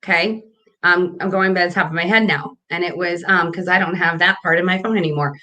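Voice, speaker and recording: A woman's voice: lowish voice, steady tone, fairly quick, sharp tone. A woman hosting a casual morning livestream, chatty and rambling with lots of fillers and restarts. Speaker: morning show host.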